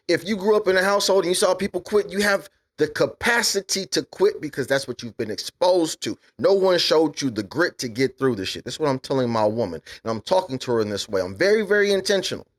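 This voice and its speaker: A man's voice: high voice, animated, brisk. Blunt, emphatic American man. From USA. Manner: blunt, preachy, swears, grows loud and emphatic. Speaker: podcast co-host. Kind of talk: casual podcast discussion.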